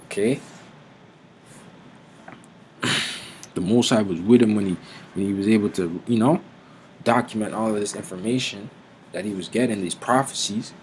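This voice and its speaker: Slangy man teaching scripture, low voice. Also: a little mellow, a little hiss or hum, poor audio. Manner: street slang, profane, reads scripture slowly and deliberately. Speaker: Bible teacher. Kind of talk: informal Bible teaching.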